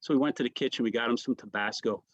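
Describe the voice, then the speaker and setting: A man's voice: medium pitch, rapid-fire, muffled recording. A man, a comedian guest, telling rambling stories and mimicking the voices of others. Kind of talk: storytelling anecdotes.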